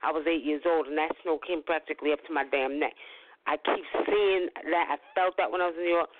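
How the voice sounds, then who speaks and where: A woman's voice: deep voice, fairly even intonation, a little fast. A woman in her forties, a psychic talking casually to her listeners, swearing freely and addressing them directly. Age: 40s. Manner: profane, folksy, keeps addressing listeners directly. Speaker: psychic giving predictions. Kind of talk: casual spiritual monologue. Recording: tinny phone line, dry.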